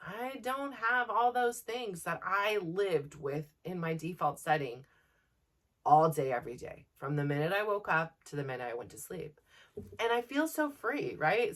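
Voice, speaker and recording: A woman's voice: lowish voice, a bit bright. A woman in her forties hosting a podcast, talking candidly and with animation about her own experiences, full of fillers and quoted inner voices. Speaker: podcast host. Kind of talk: personal reflective talk.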